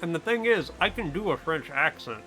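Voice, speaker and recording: A playful man chats casually over his game stream, joking about accents as he plays. His voice is bright and forward, with faint music in the background. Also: fairly high pitch, animated, moderate pace. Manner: playful, tries out silly accents.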